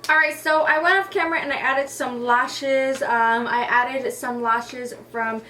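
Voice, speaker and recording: Young woman vlogger, higher voice, casual and swearing, a bit off-mic in a faintly noisy room. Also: steady tone, unhurried, bright, forceful tone, recorded from a distance. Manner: chatty, profane, lots of "like" and "y'all". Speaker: beauty vlogger. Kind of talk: casual storytelling during a makeup tutorial. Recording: voice a little off-mic with faint noise.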